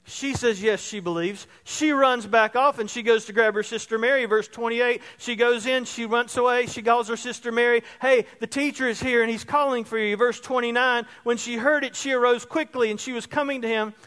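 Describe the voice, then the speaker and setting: High-voiced man preaching in a reverberant hall. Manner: expressive preaching that swings between soft and loud. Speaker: pastor. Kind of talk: sermon. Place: church sanctuary.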